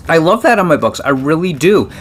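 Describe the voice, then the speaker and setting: A man hosting his own book vlog, talking casually and rambling with sudden animated outbursts. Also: on the high side, brisk, soft background music. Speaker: book vlogger host.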